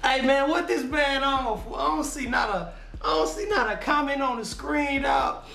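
A man hosting a reaction video, chatting casually and laughing with excitement. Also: very high voice, vocal fry. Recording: echoey room.

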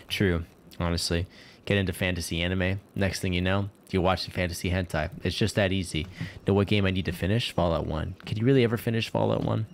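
Young man, let's play host, low voice, sarcastic, crude, muttered asides. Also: steady tone, quick pace, gravelly, slight background noise. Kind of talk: gameplay commentary.

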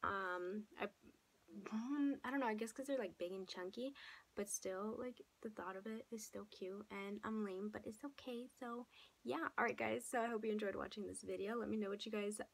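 A young woman with a hoarse voice, chatting casually as a beauty vlogger through a makeup tutorial and often dropping into soft half-whispered asides. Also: medium pitch, normal speed, low-quality recording. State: hoarse, losing her voice.

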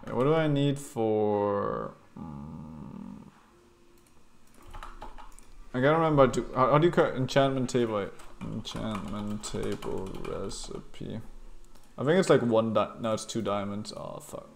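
A man's voice: on the low side, expressive, unhurried, vocal fry, slight background noise. Stammering, swearing young male gamer. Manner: stammering restarts, swearing, grumbling. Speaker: streamer. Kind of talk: casual gaming commentary.

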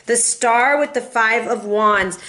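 Woman tarot reader, casual and sassy, fairly high voice, chatty home reading. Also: slow pace, bright, forceful tone. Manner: chatty, sassy, addresses viewers as boo and y'all.

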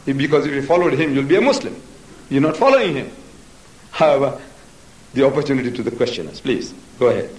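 A man answering audience questions in a public debate, talking forcefully and piling up rhetorical questions. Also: mid-range voice, lively intonation, fast, pauses often. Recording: echoey hall, mic far off.

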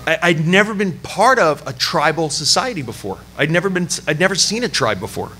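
A man from Canada preaches from the pulpit, recounting a story with a lively, self-mocking humor. His voice sits a little high and sounds bright and forceful, with frequent laughter. He speaks in a sermon style. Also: fairly quick. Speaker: pastor. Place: church service.

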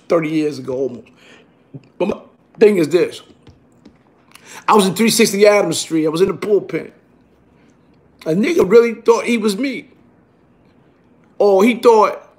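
A middle-aged man with a New York accent and a notably high voice, spinning a loose story straight to the camera. His talk is streetwise and profane, and he keeps checking in with the listener as he goes. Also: normal speed, long pauses. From Brooklyn, New York. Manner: streetwise, profane, keeps asking "you heard?". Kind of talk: casual storytelling monologue.

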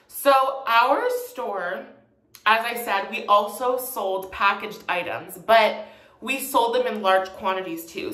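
A woman's voice: medium pitch, fairly bright tone. A young woman casually telling a retail storytime, chatty and sassy, in an echoey room. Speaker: vlogger.

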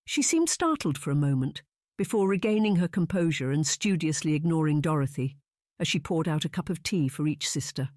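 A woman narrating a historical romance audiobook in a measured, unhurried reading. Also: low voice, animated, a little mellow, no echo, clean studio sound. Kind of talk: scripted narration.

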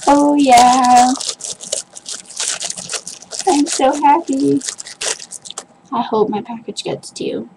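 A young woman unboxing a package for her vlog, gasping and squealing as she gushes over each item. Her voice sits high, and a faint hiss runs under the recording. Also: level tone, takes it slowly, pauses often, dark tone, low-quality recording. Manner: gushing, squealing, gasping with delight. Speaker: vlogger opening a package.

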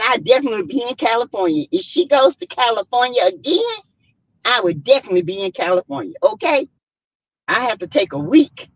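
A woman's voice: fairly high pitch, no echo, highs cut off. Sassy Southern woman chatting with viewers. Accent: Southern American. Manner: sassy, laughs often, greets viewers by name. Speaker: YouTube live stream host. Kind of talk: casual live chat reading comments.

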